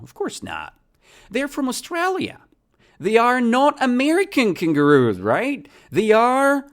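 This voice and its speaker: Slow, lively-voiced English teacher. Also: mid-range voice. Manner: asks and answers its own questions, repeating key words. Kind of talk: podcast language lesson.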